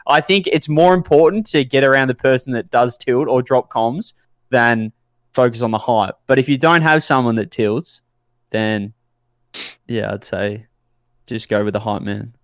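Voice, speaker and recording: A man's voice: mid-range voice, normal speed, no room sound, studio quality. A man co-hosting a podcast, thinking aloud and giving reasoned advice in casual chat. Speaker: podcast co-host.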